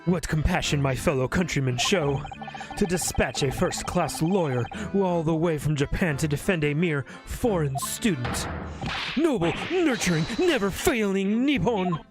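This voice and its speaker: A man voicing an intense, jittery male foreign student held as a prisoner, talking in a dramatic, theatrical way with loud game music behind. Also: fairly high pitch, lively intonation, normal speed, close to an everyday voice. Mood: gushing. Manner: dramatic, overwrought, theatrical alliteration.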